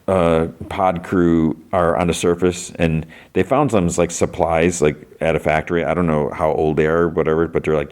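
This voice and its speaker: A man's voice: rumbling low, a little mellow. A man hosting a podcast who recaps an episode in a loose, rambling way full of "like" and restarts. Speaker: podcast host.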